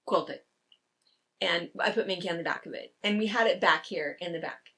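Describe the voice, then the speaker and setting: A woman's voice: on the low side, normal speed, a bit bright, distant mic. Chatty quilt shop lady telling a story, a bit off mic, laughs a lot. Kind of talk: casual chat.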